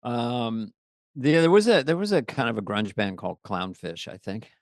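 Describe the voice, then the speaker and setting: A man's voice: mid-range voice, animated, moderate pace, dry recording, studio quality. A man co-hosting a casual comedy podcast, joking around and drifting into silly voices. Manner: jokey, slips into silly impressions. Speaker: podcast co-host.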